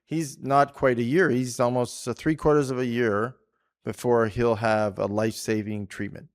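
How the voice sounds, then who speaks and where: A man's voice: medium pitch, steady tone, normal speed. A man from Canada co-hosting a casual talk show on policy, chatty and rambling, often laughing. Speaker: podcast co-host. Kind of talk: casual chat about policy.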